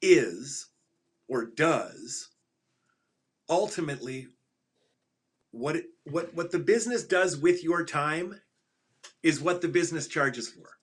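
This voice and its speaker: Speaking slowly and pausing often, this middle-aged male podcast guest has a slightly high, expressive voice with a breathy edge. He's a financial advisor telling stories with plenty of emphasis in an animated interview. He repeats punchlines and laughs at his own jokes.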